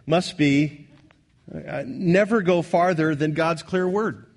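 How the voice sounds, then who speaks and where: Male pastor, slightly high voice, earnest sermon delivery with repeated points and shifting volume. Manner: earnest preaching, repeats key lines, swings from loud to soft.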